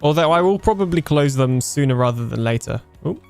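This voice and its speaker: A man's voice: on the high side, animated, fairly quick, vocal fry, clear, resonant tone, faint music behind. A young British man casually chatting on a live game stream, reading viewer comments aloud and laughing often as he trails off mid-sentence.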